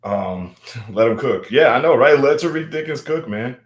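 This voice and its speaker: A man's voice: mid-range voice, expressive, normal speed. A young man from Louisiana, hosting a casual livestream and hyping up viewers, repeating his words as he talks. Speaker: livestream host. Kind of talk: casual livestream chat reading viewer comments. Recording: roomy echo.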